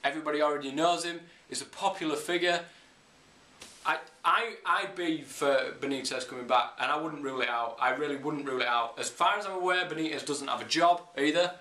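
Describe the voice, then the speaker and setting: Recorded in an echoey room, a young English man rants about football in a casual vlog monologue, swearing and airing blunt opinions. He talks fairly quickly, with a slightly high voice and sharp tone.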